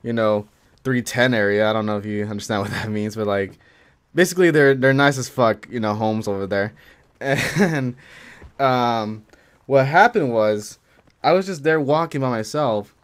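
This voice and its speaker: A man's voice: medium pitch, moderate pace. Rambling, profane young man. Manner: rambling, profane, filler-heavy. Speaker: gaming commentator. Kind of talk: casual storytelling over gameplay.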